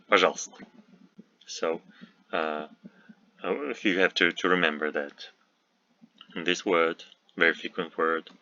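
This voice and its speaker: A man's voice: low voice, bright, forceful tone, no echo, dull audio. A man teaching a recorded language lesson, patient and repeating each example word so learners can follow.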